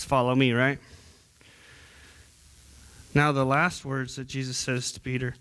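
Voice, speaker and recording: Young male youth minister, slightly high-pitched, preaching in church in an earnest, conversational style with frequent restarts. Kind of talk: sermon.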